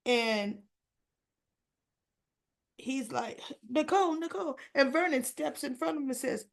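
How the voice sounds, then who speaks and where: A woman's voice: high-pitched, slow, gravelly. A woman recapping a soap opera episode in a chatty, casual way, quoting the characters' lines as she tells the story.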